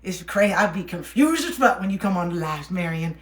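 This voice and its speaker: A woman's voice: lowish voice, lively intonation, brisk. A young woman chatting casually on a livestream while reading cards for viewers, laughing often and soothing when she reassures. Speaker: livestream card reader. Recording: roomy echo.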